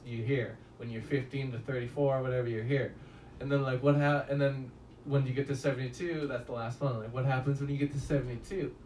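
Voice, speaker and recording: A man's voice: mid-range voice, darkish tone, distant mic. A man talks through a movie review in a loose, rambling way, swearing freely and chuckling at his own stories. His mid-range voice sits a little away from the mic. The room is echoey, with a faint hum of background noise. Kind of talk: casual spoken film review.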